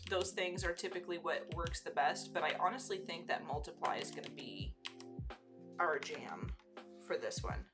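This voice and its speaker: A woman's voice: on the low side, normal speed, music in the background. A woman hosting a casual live digital-painting demo, chatty and self-teasing, with frequent fillers and asides. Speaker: digital artist and livestream host.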